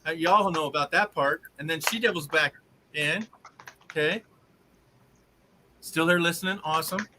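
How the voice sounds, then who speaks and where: A man hosting a live stream, telling a long rambling story in an exasperated, animated way. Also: a little high, normal speed, a little hiss or hum, rough recording. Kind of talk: casual storytelling to live viewers.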